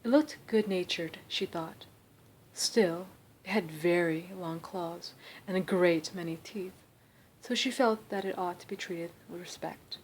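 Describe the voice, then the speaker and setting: A woman reading a classic storybook aloud in a soft, quiet narrating voice. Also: fairly low pitch, a little slow, slight background noise. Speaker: reader.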